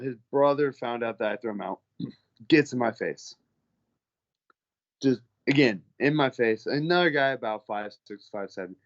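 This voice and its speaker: A man's voice: mid-range voice, lo-fi sound. A male professional fighter being interviewed, telling stories in a loose, profane, casual way. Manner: loose, profane, acts out the people in his stories. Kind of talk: casual storytelling.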